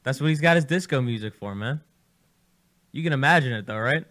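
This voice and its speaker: A man hosting a casual radio studio show, animated and teasing, swearing freely as he jokes with his guests. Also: mid-range voice, fairly quick.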